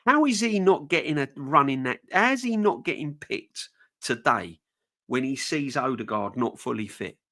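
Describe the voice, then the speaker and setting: A man's voice: mid-range voice, expressive, normal speed, pushed and bright. A man hosting a fan channel live stream, ranting with passion and repeating himself. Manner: passionate, fuming, repetitive.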